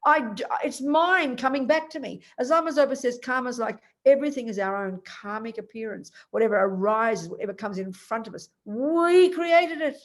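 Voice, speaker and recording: A woman's voice: a little high, normal speed, hardly any pauses. Emphatic woman teaching Buddhist ideas. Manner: emphatic, animated storytelling; addresses students by name. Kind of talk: Dharma teaching.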